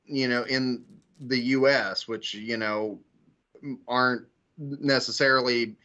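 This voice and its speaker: A man talking politics in a casual discussion, hesitating and restarting as he goes, padding his sentences with filler words. His voice sits at an ordinary middle pitch. The recording is dull and lo-fi. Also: fairly even intonation, sharp tone. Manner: halting, heavy with "you know" fillers. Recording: dull lo-fi audio.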